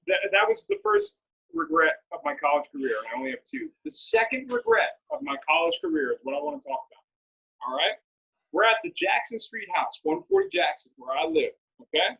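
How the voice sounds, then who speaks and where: Lively high-voiced man, gravelly and husky. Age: 30s. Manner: animated, laughs often, acts out quoted lines. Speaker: podcast co-host. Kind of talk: casual podcast storytelling. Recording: dull lo-fi podcast audio.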